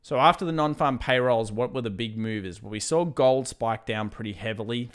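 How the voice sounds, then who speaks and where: Male stream host, low smooth voice, loose and chatty with sudden heated tangents on market commentary. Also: fairly bright tone. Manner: casual, chatty, drifts into fired-up rants. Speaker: trading livestream host. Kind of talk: live market chart commentary.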